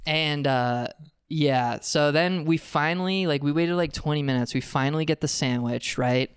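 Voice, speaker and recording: Animated swearing young man telling a story. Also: moderate pace, clean tone, no room sound, studio quality. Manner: animated storytelling, swears a lot, voice jumps high when riled. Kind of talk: casual chat.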